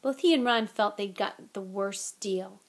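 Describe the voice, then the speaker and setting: Woman reading a novel aloud, expressive. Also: mid-range voice, a little slow. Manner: expressive, relaxed, chatty asides. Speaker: audiobook reader.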